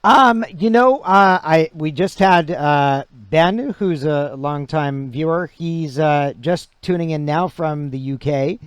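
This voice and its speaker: Slow, halting man hosting a stream. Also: fairly high pitch, clear, resonant tone, no echo. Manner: halting, many restarts and fillers. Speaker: livestream host. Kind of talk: casual livestream chat.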